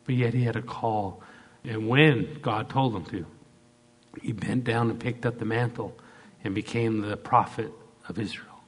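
A man's voice: medium pitch, a bit bright. A middle-aged man, a pastor, preaching an emphatic sermon and leading the congregation in call-and-response.

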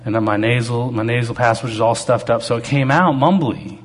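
A man preaches a testimony-style sermon to a congregation, sharing stories from his own life in a humorous, conversational way. His mid-range voice moves fairly quickly.

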